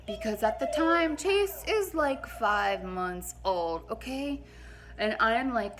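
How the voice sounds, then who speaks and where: A young woman telling a personal story for her vlog, in an animated, dramatic way, laughing and swearing as she goes. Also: medium pitch, unhurried, slight background noise. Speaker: vlogger.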